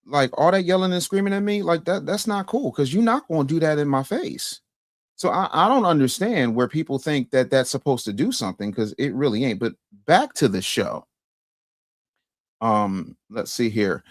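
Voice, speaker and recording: A man runs a live call-in show, blunt and in command, reading out super chats and cutting off callers who get heated. His voice sits a little high, recorded close and dry. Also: expressive, normal speed, no echo. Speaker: host.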